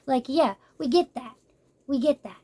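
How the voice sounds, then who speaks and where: Woman, young adult, high-pitched, casual book review, animated, exasperated. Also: measured pace. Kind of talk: casual manga review to camera.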